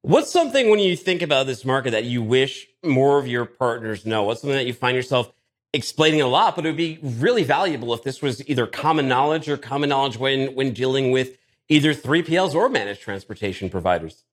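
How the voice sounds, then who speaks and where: A man's voice: medium pitch, expressive, a little fast. A man hosting an interview, asking long questions in a folksy, casual way. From Boston area. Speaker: podcast host.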